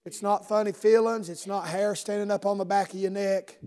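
A man preaching a sermon in a church service, swinging from loud shouting to low intimate speech and firing rhetorical questions at listeners by name. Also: steady tone, normal speed.

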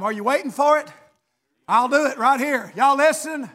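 A man preaching a sermon, swinging between shouted, chanted lines and hushed storytelling. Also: very high-pitched, moderate pace.

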